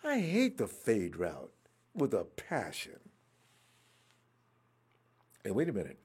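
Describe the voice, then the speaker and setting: A man reacting live to a football game, excitable, talking at the players on screen and trash-talking them. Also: lowish voice, takes it slowly, husky. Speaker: football fan watching a game.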